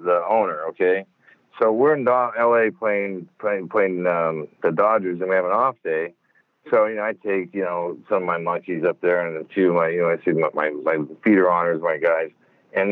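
A man's voice: deep voice, no echo. A man telling stories as an interview guest over the phone from a car, swearing a lot and rambling with many fillers. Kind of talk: storytelling interview. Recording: tinny phone line.

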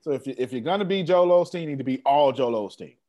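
A man hosting a team meeting over a video call, his pitch rising and falling freely as he talks. He speaks in a loose, slangy way, teasing his listeners and repeating phrases for emphasis. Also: quick pace. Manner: animated, slangy, teasing and repetitive. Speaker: host leading an online team meeting. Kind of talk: casual motivational team call.

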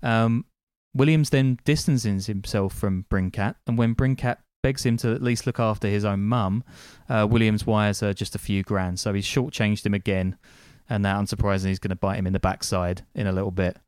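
A podcast host tells a story in a casual, wry way, dropping dry asides between frequent ums. His voice sits fairly low and sounds smooth and resonant. The sound is dry and close. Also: steady tone, normal speed, darkish tone, dry recording.

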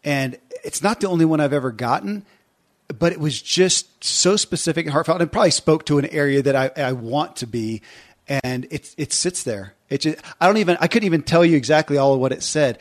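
A man's voice: a little high, a little fast. Reflective male podcast host. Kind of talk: interview conversation.

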